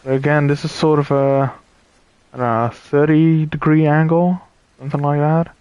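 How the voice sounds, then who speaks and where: A man streaming a puzzle game, thinking aloud with pauses and chatting to viewers, tired and yawning. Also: on the high side, flat delivery, clean tone, dry recording, dull audio. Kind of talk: casual let's-play commentary.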